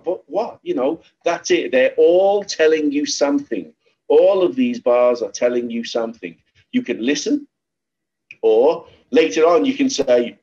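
A man's voice: medium pitch, a little slow. A man with a Liverpool accent hosting a trading webinar, talking informally and repeating himself as he explains charts. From Liverpool, England. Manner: chatty, repetitive, lively storytelling. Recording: slightly dull lo-fi webinar audio.

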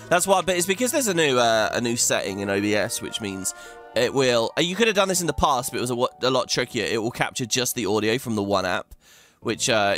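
A man's voice: medium pitch, a bit bright. A man hosting a video game playthrough, chatting away and thinking aloud as he plays, laughing often. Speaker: let's play host.

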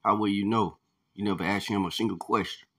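A man's voice: lowish voice, fairly even intonation, fairly quick, fairly bright tone. A man reading aloud, giving voice to a stern, paranoid male cell leader who gives orders.

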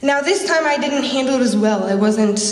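A woman's voice: sits high, lively intonation, normal speed. Woman telling a story in an echoey hall. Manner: emotional, storytelling with repeated phrases. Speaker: speaker at a conference. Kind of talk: personal story in a public speech. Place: conference hall. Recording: echoey hall, mic from a distance.

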